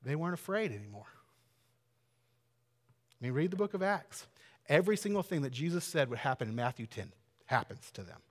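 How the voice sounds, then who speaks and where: Male pastor, fairly high voice, conversational sermon with loud emphatic swells, hall reverb. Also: big pitch swings, a little fast, long pauses. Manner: conversational, earnest, builds to loud emphatic peaks.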